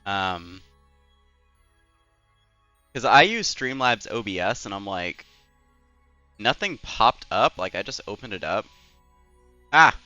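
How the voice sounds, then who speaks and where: A young man with a low-pitched but bright, forceful voice, rambling casually to his stream viewers with lots of fillers and self-deprecating asides. The audio is slightly muffled, with faint game music underneath. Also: big pitch swings, takes it slowly, long pauses, no room sound. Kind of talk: casual live-stream chat.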